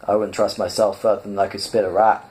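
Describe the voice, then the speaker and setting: A man's voice: on the low side, level tone, fast, a little mellow, natural voice. A man voicing a brash, grinning male president of the galaxy in a poor put-on American accent that keeps slipping. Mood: offhand. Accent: put-on American, admittedly poor. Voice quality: casual, offhand, drifts between accents.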